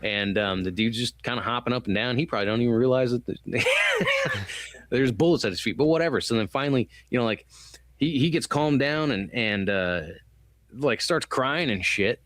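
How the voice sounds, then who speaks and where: A man's voice: medium pitch, very animated, moderate pace, a bit bright, no echo, studio quality. A man co-hosting a podcast, talking loosely and with swearing in a casual movie review chat, acting out quotes as he goes. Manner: rambling, loose and profane, acts out quotes. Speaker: podcast co-host.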